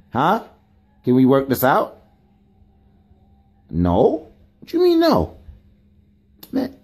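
A young man doing comic, slangy commentary as a mock mediator, scolding and coaxing in animated bursts. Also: medium pitch, breathy edge. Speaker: comedic vlogger. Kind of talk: comic running commentary to dogs.

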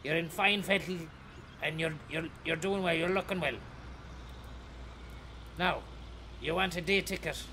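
A man's voice: fairly high pitch, measured pace, pauses often, sharp tone, a little hiss or hum. An Irish man streaming a bus-driving game, chatting with passengers in a teasing way and repeating catchphrases. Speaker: streamer playing a bus driver. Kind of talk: comedic live-stream banter.

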